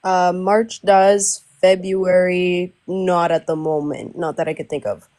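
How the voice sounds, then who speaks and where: A woman caller in a live psychic reading, her voice a little low. She answers slowly and hesitantly, thinking aloud before she commits to a reply. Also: flat delivery, dark tone.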